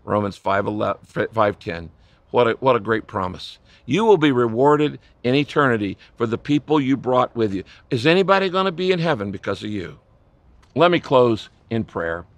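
A man preaching a sermon as pastor, impassioned, swinging between loud emphatic lines and hushed, low ones. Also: expressive, moderate pace, no room sound.

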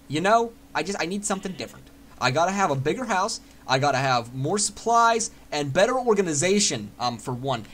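A young man giving casual, excitable commentary while playing a building game, chatting to himself and swearing freely. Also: a little high, slight background noise. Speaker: Minecraft let's player.

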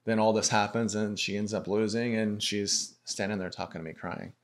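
A man with an American accent telling stories from his work as a racket stringer, relaxed and full of fillers. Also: lowish voice, normal speed. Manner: relaxed, anecdotal, many fillers and restarts. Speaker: tennis racket stringer, guest. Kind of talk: casual podcast storytelling.

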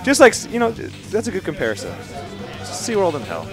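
A young man doing live, joking, profane commentary on a fighting-game match at a tournament, yelling at big plays. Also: sits high, wildly swooping pitch, brisk. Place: gaming tournament venue. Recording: live stream with crowd noise and music.

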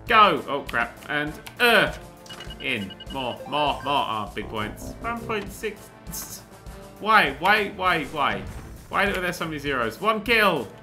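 A man giving rambling, excitable gameplay commentary and swearing often as he plays. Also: high voice. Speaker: let's play host.

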